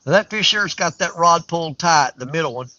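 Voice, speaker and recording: A man's voice: on the high side, expressive, normal speed, pushed and bright, slight background noise. An older man hosting a fishing livestream, talking in a folksy, rambling, candid way outdoors on a riverbank. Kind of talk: casual live-stream chat. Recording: dull lo-fi livestream audio.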